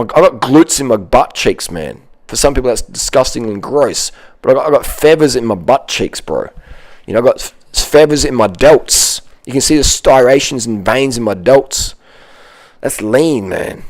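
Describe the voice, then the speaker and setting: Man, fitness vlogger, combative rant, swears freely, blunt delivery. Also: medium pitch. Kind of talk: ranting monologue.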